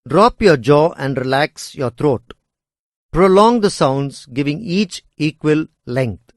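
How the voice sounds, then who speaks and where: A man reading educational course material aloud in a measured, deliberate way. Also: on the high side, no room sound, clean studio sound. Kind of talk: scripted educational narration.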